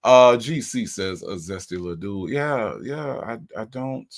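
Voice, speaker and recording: A man's voice: on the low side, animated, unhurried. A man hosting a live stream, reviewing a recorded call and talking to his chat in an incredulous, repetitive way. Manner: exasperated, incredulous, repeats questions to the chat.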